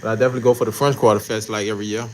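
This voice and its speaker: A man's voice: lowish voice, flat delivery, rapid-fire, slight background noise, poor audio. A man with a New Orleans accent, a tattoo artist chatting casually with viewers on a livestream while he works in his shop. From New Orleans, Louisiana. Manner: laid-back, slangy, greets chat viewers.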